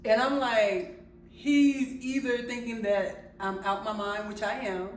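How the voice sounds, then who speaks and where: A young adult woman telling a personal story to her viewers in an animated way, laughing at herself and getting louder as she relives moments of panic. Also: on the high side, a little slow, a little hiss or hum. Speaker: vlogger. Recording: echoey room, a bit far from the mic.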